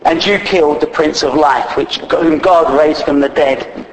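A man preaches a sermon, retelling scripture in plain, conversational speech full of fillers. His voice is a little high and his pace measured, in an echoey recording with faint background noise.

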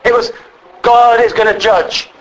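A male preacher delivering a fervent sermon in a high, bright voice. He presses his points hard and calls the listeners brethren, now and then rising to a shout. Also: level tone, a little slow, low-quality recording. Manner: impassioned, rises to shouts; addresses congregation as brethren.

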